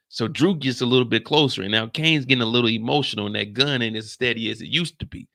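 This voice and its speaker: A man's voice: medium pitch, quick pace, vocal fry, few pauses, no room sound, clean studio sound. A man giving a comedic, slangy recap of a TV episode, acting out scenes as he goes. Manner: animated, slangy, acts out scenes. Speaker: show recap commentator. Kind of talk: comedic show recap storytelling.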